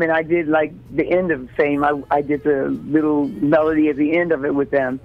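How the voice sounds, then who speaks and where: A woman in her sixties from Chicago, telling stories as an interview guest in an animated, chatty way and often repeating words as she starts a sentence. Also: deep voice. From South Side Chicago. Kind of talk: casual storytelling. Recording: phone-like narrow sound.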